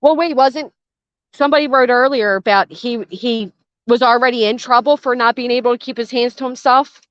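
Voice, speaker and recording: A woman's voice: a little high, normal speed, no room sound. An older woman hosting a reaction commentary channel, blunt, sarcastic and swearing freely, recorded outdoors by a garden fence. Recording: dull, dry lo-fi sound.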